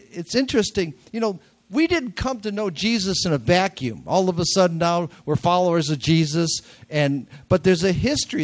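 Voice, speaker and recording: An older man with a nasal voice preaching a sermon in a church, talking casually with jokes and repeating key words for emphasis. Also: high-pitched. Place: church sanctuary.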